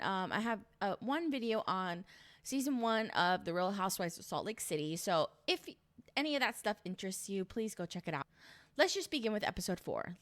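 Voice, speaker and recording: A woman's voice: medium pitch, fairly bright tone. A young woman talking casually to camera as she recaps a reality dating show, chatty and opinionated, swearing freely.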